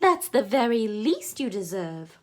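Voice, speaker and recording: A woman voicing an excitable, gushing older lady neighbor with a shrill, breathless voice. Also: a little slow.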